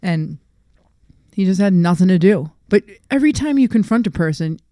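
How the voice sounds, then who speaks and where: A woman co-hosting a casual podcast as a dog trainer, telling lively stories and acting out the people in them. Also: lowish voice, normal speed, no room sound, studio quality. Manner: animated storyteller who acts out quoted people.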